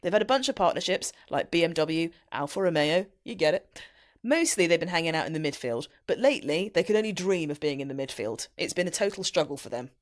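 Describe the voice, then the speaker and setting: Playful, lively-voiced woman podcast co-host. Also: lowish voice, fast talker. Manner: playful, giggly, teasing. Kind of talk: casual podcast chat.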